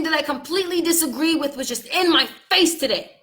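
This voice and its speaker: A woman vlogger talking straight to her viewers in a heated, venting monologue, upset and angry, her voice swinging from loud outbursts to quiet, low lines. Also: a little fast, hardly any pauses. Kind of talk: casual monologue to camera.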